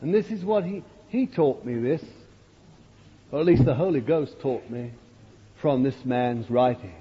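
A male preacher delivering a sermon as a dramatic storyteller, swinging from loud to hushed. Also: mid-range voice, unhurried, a little hiss or hum. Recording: dull, echoey old hall recording.

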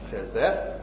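A man preaching a sermon, impassioned, with rhetorical questions, swinging between loud and hushed. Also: mid-range voice, a little hiss or hum. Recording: dull old recording in an echoey hall.

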